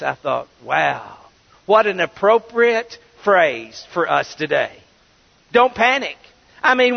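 A man's voice: sits high, vocal fry. A man preaching a sermon, retelling a scripture story with acted-out dialogue and building to emphatic declarations. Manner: storytelling preacher, acting out quoted dialogue, rising to emphatic exclamations. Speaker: pastor. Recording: dull reverberant hall recording.

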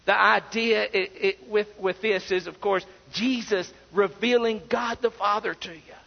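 A man's voice: high-pitched, fairly even intonation, measured pace, vocal fry. A man preaching a sermon as pastor, driving his points home with repeated rhetorical questions. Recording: dull recording with long hall reverb.

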